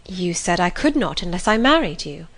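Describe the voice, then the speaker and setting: A woman's voice: fairly low pitch, very animated, normal speed, fairly bright tone, full character voice. A woman voicing an earnest young heroine. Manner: earnest, pleading yet firm. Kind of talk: audiobook reading.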